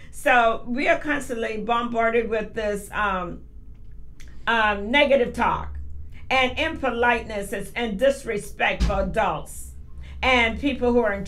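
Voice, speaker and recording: A woman from the Carolinas, a schoolteacher guest on a radio talk show, speaking in a gentle, polite, lecturing way. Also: fairly high pitch.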